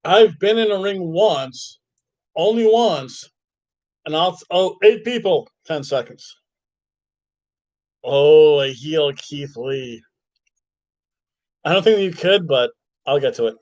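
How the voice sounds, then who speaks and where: A man's voice: a little high, animated, slow, pauses often, darkish tone, low-quality recording. A man hosting a wrestling review podcast, chatting casually and thinking aloud, often restarting his sentences. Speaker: podcast host.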